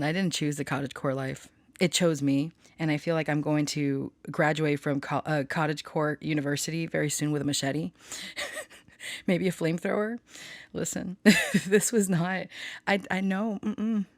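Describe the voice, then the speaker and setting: Speaking at a normal speed with a low-sitting, fairly even voice, a woman who works as a spiritual channeler and tarot reader chats from a small home studio with no echo. She rambles, laughs often and spins stories with self-aware melodrama.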